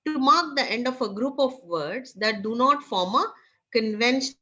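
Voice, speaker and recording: A woman teaching an online class with an Indian English accent, talking haltingly with many fillers. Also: a little high, animated, pushed and bright. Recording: dull lo-fi online class audio.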